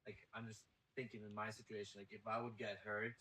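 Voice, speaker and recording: A man's voice: on the low side, little pitch movement, a little fast, pushed and bright, a little hiss or hum, poor audio. A man on a podcast asking a question, hesitant and searching for his words. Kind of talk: casual podcast conversation.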